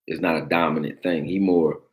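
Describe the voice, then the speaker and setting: Deep-voiced blunt sports talk host. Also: male voice, level tone, brisk, a little mellow. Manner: blunt, profane, joking, reacting to chat. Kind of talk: casual sports talk livestream.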